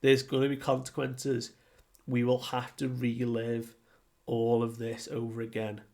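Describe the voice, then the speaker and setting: A man's voice: mid-range voice, completely flat delivery, unhurried, vocal fry, a little mellow. A young man chatting casually through a comic chapter recap, full of fillers and acted-out quotes. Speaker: anime and manga reviewer.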